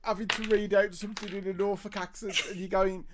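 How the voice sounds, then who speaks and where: A man speaking haltingly and amused in a casual podcast chat. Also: sits high, level tone, a crowd in the background.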